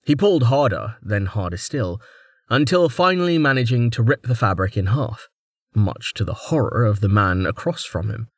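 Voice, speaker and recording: A man narrates an audiobook in a steady, mid-pitched voice. The sound is dry and close, with no reverb from the room. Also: moderate pace.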